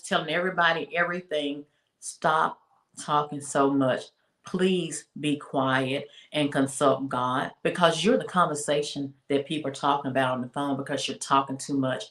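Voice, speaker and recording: Low-voiced woman giving emphatic faith talk. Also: a bit bright. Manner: emphatic, preachy, repeats phrases and slows down for emphasis. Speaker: speaker and women's mentor on a talk show. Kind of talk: casual faith-based talk. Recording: roomy echo.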